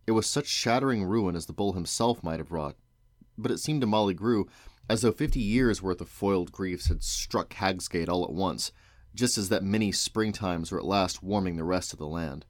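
Father reading a storybook aloud, deep voice, measured and expressive. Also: no echo, clean studio sound.

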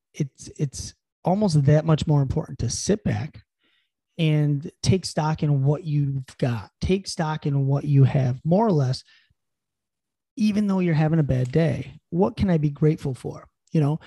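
A man's voice: fairly high pitch, a little slow, warm tone, husky, dry recording. A man co-hosting a podcast, chatting casually and earnestly with lots of "you know" fillers, encouraging listeners. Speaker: podcast co-host. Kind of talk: casual chat.

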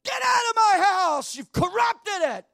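A preacher shouting as a furious prophet, high and strained. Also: male voice, sing-song, measured pace, gravelly, heavily acted. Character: furious grown man prophet driving traders out. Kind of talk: sermon.

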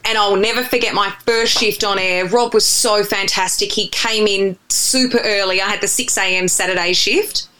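A woman's voice: mid-range voice, fairly even intonation, normal speed, few pauses, sharp tone, a little hiss or hum, poor audio. An Australian radio presenter, a woman, chatting animatedly as a guest in an interview, telling stories at length. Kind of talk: casual interview chat.

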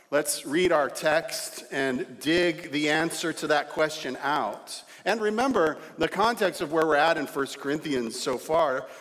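A man preaching a sermon as pastor, telling a story and then reading scripture, with shifting pace and loudness for emphasis. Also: a little high. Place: church sanctuary. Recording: long reverb in a church hall.

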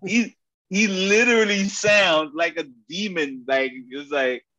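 A man's voice: high voice, fairly even intonation, a little slow, sharp tone. Hesitant man on dull lo-fi audio. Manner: hesitant, searches for words, laughs easily. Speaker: sports podcast co-host. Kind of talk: casual football chat.

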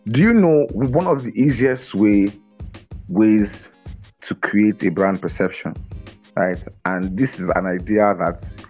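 A lively young man talks over a video call, his voice sitting fairly low. He is upbeat and restless, circling back on his own words and breaking into laughs. Soft music plays faintly underneath. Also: slow. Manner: energetic, repeats words, laughs often. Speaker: guest on a business podcast. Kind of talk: casual interview talk.

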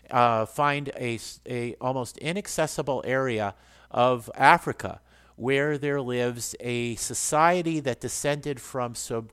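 A man's voice: medium pitch, fairly bright tone. A man hosting a casual book talk, explaining in an earnest way and reading passages aloud. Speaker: host.

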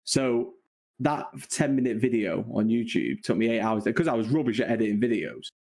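A man's voice: medium pitch, normal speed, a little mellow. A man in his thirties with a Mancunian accent, chatting casually on a podcast, laughing often and poking fun at himself. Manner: laughs often, self-deprecating. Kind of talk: casual chat.

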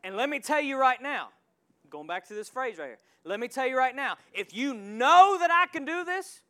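A male pastor preaching a sermon in a church, calling out to the congregation and swinging from quiet asides to loud surges. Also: very high-pitched, big pitch swings, moderate pace. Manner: call-and-response preaching with sudden loud surges.

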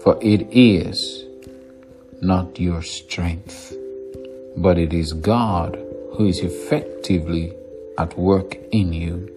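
Male reader, very deep and slow, scripture meditation, clear music behind. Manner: slow, measured, repeating phrases.

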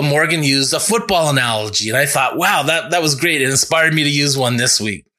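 A male pastor giving a sermon in an earnest, conversational way, building to emphatic peaks and dropping low for reflective points. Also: bright, forceful tone. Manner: earnest, conversational preaching with restarts and rising emphasis.

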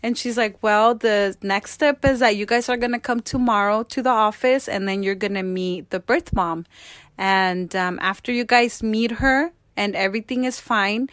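A woman's voice: medium pitch, moderate pace, no echo. Married woman telling her story, dry sound. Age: adult, married. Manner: animated retelling with acted-out quoted dialogue. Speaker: interview guest. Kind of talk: personal storytelling.

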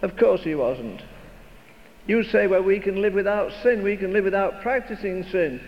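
Delivering a sermon full of emphatic, rhetorical repetition, this older man speaks in a high voice at a moderate pace. Faint noise sits under a dull recording from a reverberant hall.

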